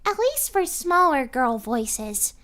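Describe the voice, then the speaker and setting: A woman's voice: high voice, sing-song, slow, a bit bright, voice pushed up, heavily acted. A woman putting on a small girl's voice while she explains voice technique. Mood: playful. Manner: chatty, explaining while in character. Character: small cute girl, light and playful. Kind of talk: voice acting demonstration.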